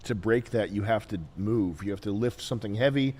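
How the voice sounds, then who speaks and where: Crude, blunt man talking low. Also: brisk, darkish tone, a little hiss or hum. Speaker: podcast host. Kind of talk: casual chat and advice.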